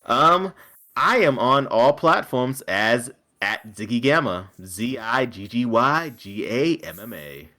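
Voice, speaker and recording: A man's voice: mid-range voice, animated, takes it slowly, bright, forceful tone. A man chatting as a guest on a live stream in a laid-back way. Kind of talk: casual chat.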